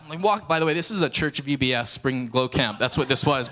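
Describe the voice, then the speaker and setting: A young man, preaching a lively sermon as a pastor and acting out stories. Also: fairly high pitch, fast talker, few pauses. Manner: energetic storytelling preacher, acts out dialogue.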